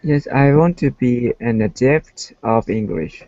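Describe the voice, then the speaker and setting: A man's voice: mid-range voice, measured pace, dark tone, no echo, dull audio. A male student in an online English class, answering in polite, formal phrases.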